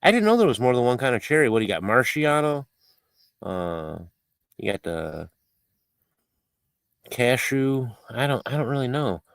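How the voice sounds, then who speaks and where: Man, livestream host, rambling, playful, mock-fussy, lively pitch, dry close-mic sound. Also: moderate pace, creaky, pauses often, no room sound. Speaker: livestream host reading viewer comments. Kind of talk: casual live-stream chat. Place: home, outdoors at night.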